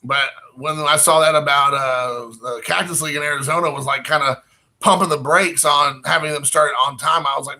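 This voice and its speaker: A man's voice: on the high side, steady tone, normal speed, sharp tone. A man chatting casually to his viewers from home, rambling and poking fun at himself. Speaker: channel host. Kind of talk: casual vlog chat.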